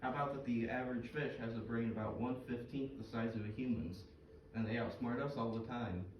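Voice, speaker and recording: A man's voice: mid-range voice, fairly even intonation, brisk, close to an everyday voice. An actor playing Mike, a chatty middle-aged fisherman who tells jokes and fish trivia in a comedy skit. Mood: storytelling. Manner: folksy, joke-telling, full of trivia. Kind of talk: scripted comedic dialogue. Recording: roomy, distant, noisy stage recording.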